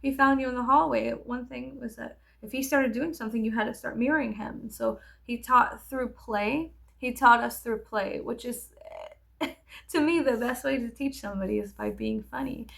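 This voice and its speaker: Woman with a gravelly, fry-laden voice. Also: a little high, normal speed, a bit bright. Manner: candid, rambling storytelling with frequent swearing. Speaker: vlogger. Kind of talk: casual get-ready-with-me chat.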